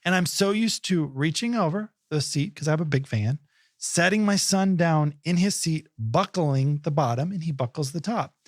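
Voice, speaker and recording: A man co-hosting a podcast, telling a lively personal story and acting out the voices in it. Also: fairly high pitch, moderate pace, no room sound, clean studio sound. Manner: animated storyteller, acts out quotes. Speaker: podcast co-host. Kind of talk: casual podcast chat.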